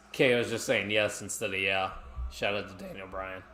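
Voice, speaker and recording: A man's voice: lowish voice, normal speed, pushed and bright, faint music behind. A man co-hosting a live watch-along stream, chatting casually and reacting to the action while reading viewer comments.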